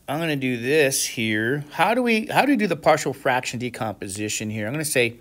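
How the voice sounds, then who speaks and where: A man teaching a classroom lecture who keeps asking the class questions to check they follow, with sudden animated exclamations. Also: medium pitch, fairly quick, hardly any pauses. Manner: asks the class frequent questions, checking understanding. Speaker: math instructor.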